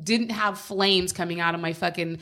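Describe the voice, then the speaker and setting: A woman's voice: on the low side, steady tone, normal speed, pushed and bright. A woman co-hosting a podcast from home, telling a personal story in casual chat, candid and swearing freely. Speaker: podcast co-host.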